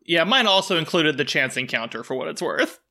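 A man trades dry jokes while recapping a film on a podcast. His voice is bright and forceful. It sits a little high for a man. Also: very animated, fairly quick. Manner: dry, joking delivery. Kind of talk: casual chat, movie recap.

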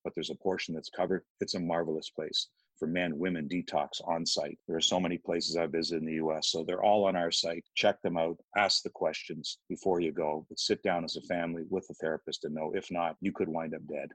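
A middle-aged man gives interview answers about his family with earnest, pleading conviction. His voice sits very low and sounds husky. The recording is dry and close. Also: no room sound, poor audio. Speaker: father, foundation founder, guest. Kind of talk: interview answers, personal story.

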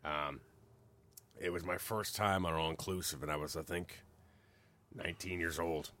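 A man chatting casually on a podcast, telling a story with animated delivery, swearing freely and laughing as he goes. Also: deep voice, normal speed.

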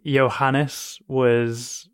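A woman, the game master, chatting casually on a podcast in a relaxed way with hesitant fillers. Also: very deep voice, extremely slow, clear, resonant tone.

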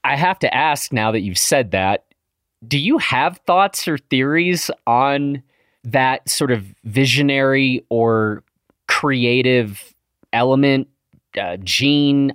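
A man's voice: medium pitch, a bit bright, dry recording, clean studio sound. A man interviewing a guest, asking curious questions while searching for words.

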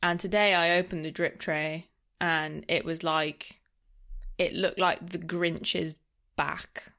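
A woman's voice: lowish voice, fairly even intonation, takes it slowly, vocal fry, bright, forceful tone. A woman, co-hosting a film podcast in casual chat, talking loosely with lots of "like" and frequent laughs. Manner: chatty, laughs often, trails off with "like". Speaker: podcast co-host.

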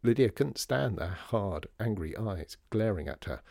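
A man reading a children's story aloud in an expressive way and doing the character voices. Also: on the low side, measured pace, vocal fry, no echo, clean studio sound. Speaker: audiobook reader. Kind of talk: storybook narration.

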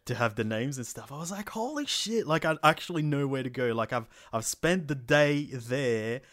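A man's voice: mid-range voice, normal speed, dry recording, clean studio sound. A man, telling a story in a casual podcast chat, full of fillers and swearing. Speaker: podcast co-host.

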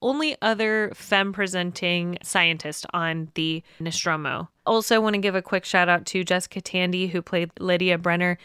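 Chatty woman, low smooth voice. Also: steady tone, normal speed, few pauses, fairly bright tone, no room sound, studio quality. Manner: chatty, laughs often, acts out quotes. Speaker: podcast co-host. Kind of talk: casual film discussion.

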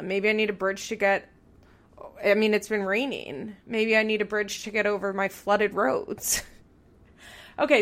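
A woman's voice: mid-range voice, fairly bright tone. A young woman hosting a podcast, recapping a show in heated, profane rants. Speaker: podcast host.

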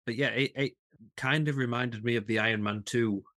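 A man's voice: mid-range voice, steady tone, brisk, sharp tone. A man co-hosting a casual podcast chat, talking enthusiastically with frequent restarts and laughs. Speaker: podcast co-host.

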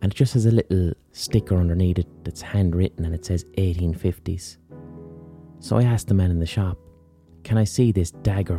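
A man's voice: deep voice, mellow. A man hosting a podcast, telling a frank, sweary personal story in a casual monologue. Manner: frank and sweary, chatty asides. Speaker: podcast host.

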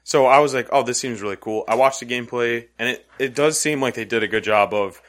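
A man co-hosting a casual gaming podcast, relaxed and a bit hesitant, with frequent filler sounds. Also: mid-range voice, a little fast. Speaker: podcast co-host. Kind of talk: casual gaming news chat.

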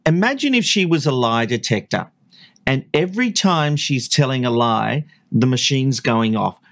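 A man's voice: medium pitch, animated, normal speed, a bit bright. A man co-hosting a podcast, narrating and joking in a playful, chatty way. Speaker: podcast co-host. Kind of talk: casual analytical chat.

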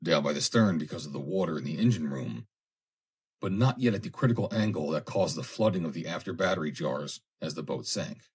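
A man narrating an adventure story in a measured, dramatic audiobook reading. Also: very deep voice, lively intonation, breathy edge.

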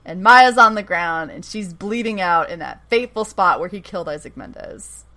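Woman, bright tense voice, casual chat, animated retelling, laughs often. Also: fairly low pitch, normal speed. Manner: animated retelling with quoted dialogue and frequent laughs. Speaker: podcast co-host recapping a TV episode.

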